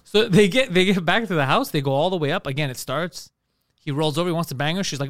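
Fast, high-voiced man telling a profane story. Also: dry recording, studio quality. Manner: animated, profane storytelling, acts out quoted lines. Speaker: comedian guest. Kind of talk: casual podcast storytelling.

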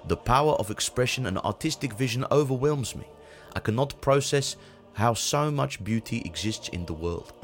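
A man voicing a brutish, self-important Dutch father with a Dutch accent, reading a spoof blog in a deadpan, pompous way. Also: mid-range voice, moderate pace, soft background music, natural voice. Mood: deadpan boastful.

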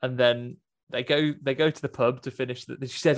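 A man talking through a film plot in loose, rambling chat. He stumbles through restarts and slips into quick quoted voices. His voice sits in an average middle register. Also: mid-range voice, steady tone. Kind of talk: casual film recap chat.

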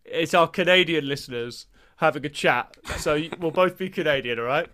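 A man co-hosting a comedy podcast, brisk and teasing in casual chat. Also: fairly high pitch, sharp tone. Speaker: podcast co-host.

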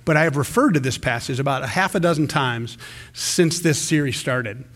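A male preacher of medium pitch speaks at a moderate pace, his sermon animated and chatty. He keeps restarting sentences as he goes.

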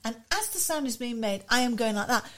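Casting: older woman, podcast co-host, high voice that swoops and dips through her stories. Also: brisk, noisy background. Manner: animated storyteller, acts out quotes. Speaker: podcast co-host, children's author. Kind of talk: casual podcast chat, storytelling.

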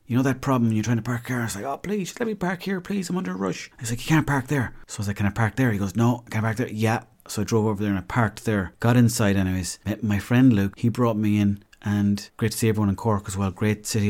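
A man's voice: fairly low pitch, mellow. A young man with an Irish accent hosting a podcast, telling stories in a rambling, chatty way. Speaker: podcast host. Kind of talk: casual comedic monologue.

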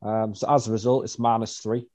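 A man's voice: fairly low pitch, level tone, a little fast, darkish tone. A man co-hosting a casual wrestling podcast chat, making dry, wry remarks. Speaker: podcast co-host.

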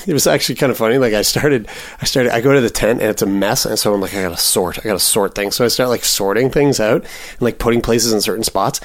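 Rambling man telling a podcast story. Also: lowish voice. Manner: rambling storytelling with many fillers. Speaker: podcast co-host. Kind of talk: casual podcast chat.

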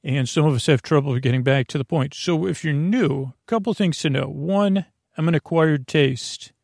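Rambling, creaky-voiced sleep podcast host. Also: male voice, fairly high pitch, moderate pace, darkish tone, no echo, clean studio sound. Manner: meandering, self-deprecating, many restarts and fillers. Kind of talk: rambling bedtime monologue.

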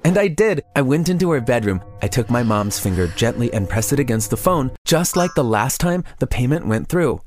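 A man's voice: mid-range voice, big pitch swings, brisk, few pauses. A man narrating a first-person confessional story in a scripted way.

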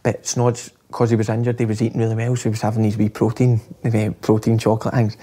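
A man telling a casual anecdote in an animated, laughing way. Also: on the low side, fast talker. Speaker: guest telling a story.

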